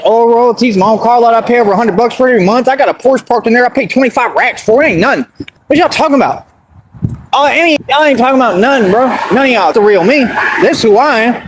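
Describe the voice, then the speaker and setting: A man's voice: very high voice, a little hiss or hum. A man delivering a boastful, confrontational street rant, repeating himself and taunting his critics. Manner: swaggering, confrontational, repetitive.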